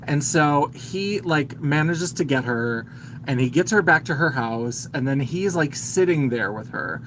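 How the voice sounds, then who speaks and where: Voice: medium pitch, lively intonation, unhurried, fairly bright tone, slight background noise, low-quality recording. A man hosting a live stream, casually retelling a film's plot in a chatty, filler-heavy way and greeting viewers as he goes. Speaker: host.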